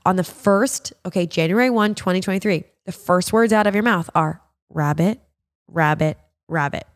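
A woman's voice: fairly low pitch, moderate pace. A woman co-hosting a casual chat podcast, telling stories with lots of laughter and casual swearing. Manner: animated storyteller, laughs often, swears casually. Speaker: podcast co-host.

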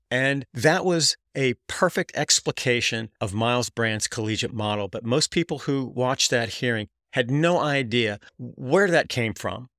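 A man's voice: medium pitch, expressive, moderate pace, few pauses, fairly bright tone, no room sound, studio quality. A man hosting a podcast, giving earnest analytical commentary that builds in emphasis, with occasional restarts. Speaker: podcast host.

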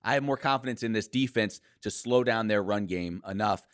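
A man's voice: lowish voice, fairly quick, a bit bright. A man co-hosting a sports talk show, chatting casually with many fillers and restarts.

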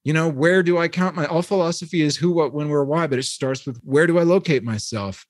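Fast-talking philosophical man, dry close sound. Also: a little high, dry recording. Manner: fast, discursive and philosophical, with frequent "like" and "you know". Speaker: podcast guest. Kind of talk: casual long-form conversation.

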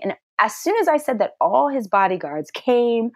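A middle-aged actress telling a personal story in an interview, animated and acting out what people said in a high, excited voice. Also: female voice, moderate pace, no echo, clean studio sound. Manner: lively storyteller who acts out quotes in a high excited voice.

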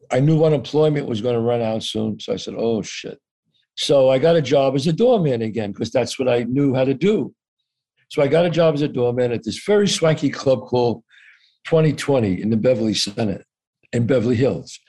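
A man's voice: mid-range voice, moderate pace. A man telling a story from his life in casual conversation, acting out the people in it and swearing freely. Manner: animated, profane, acts out quoted voices. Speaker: guest actor.

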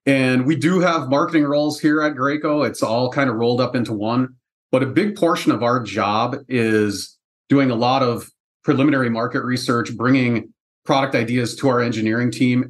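A man guest, a product manager, explaining his job in a relaxed, joking interview manner. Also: medium pitch. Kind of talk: casual interview talk.

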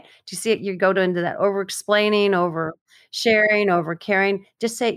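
A woman co-hosting a casual advice talk who speaks with energy and acts out quoted lines in a higher voice. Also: moderate pace, a bit bright.

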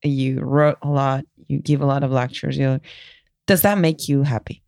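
A man hosting an interview podcast, asking questions in a polite, measured way. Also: medium pitch, fairly even intonation, creaky, a little mellow, no room sound, clean studio sound. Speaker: podcast host.

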